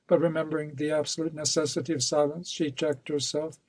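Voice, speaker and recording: A man reading a novel aloud in a measured, plain manner. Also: fairly high pitch, flat delivery, darkish tone, no room sound, low-quality recording. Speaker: audiobook reader. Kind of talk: scripted narration of a novel.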